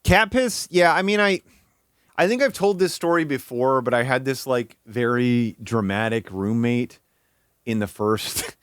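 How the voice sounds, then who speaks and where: A man's voice: mid-range voice, smooth, no echo, studio quality. A young man streaming live, talking casually and rambling, with many restarts and fillers.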